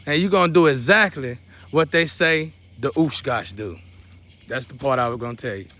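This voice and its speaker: A man's voice: mid-range voice, normal speed, pushed and bright. A man teaching a guided meditation in a loose, repetitive, casual way, dropping in preacherly asides. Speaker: spiritual teacher.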